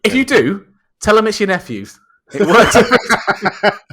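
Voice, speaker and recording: A man's voice: high voice, sing-song, normal speed, a bit bright, breathy edge. A young man co-hosting a podcast, teasing his friend in casual banter. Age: young adult. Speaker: podcast co-host. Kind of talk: casual chat.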